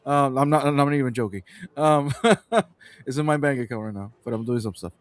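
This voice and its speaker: A man co-hosts a gaming podcast livestream and gives his opinions in a rambling, halting way. His voice sits at an ordinary pitch, recorded dry and close with no room sound. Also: dry recording. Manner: rambling, many fillers and restarts. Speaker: podcast co-host. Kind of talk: casual livestream chat.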